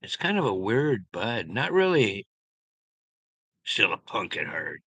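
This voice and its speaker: A man's voice: fairly low pitch, sing-song, slow, fairly bright tone, breathy edge, dry recording. A man streaming live, chatting loosely with viewers, rambling and swearing freely. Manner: rambling, profane, talks to chat by name. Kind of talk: casual live-stream chat.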